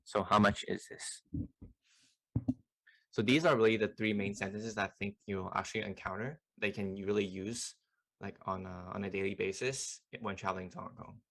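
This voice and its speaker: A young man with a fairly low voice gives a relaxed online language lesson. He talks in a loose, chatty way, full of "like" and "you know", as a student club tutor. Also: moderate pace.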